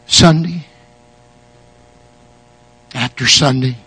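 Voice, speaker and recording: A man's voice: mid-range voice, drawn-out words, breathy edge. A male preacher delivering an impassioned sermon, building rhythm by repeating words and long lists. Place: church sanctuary. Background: soft guitar music.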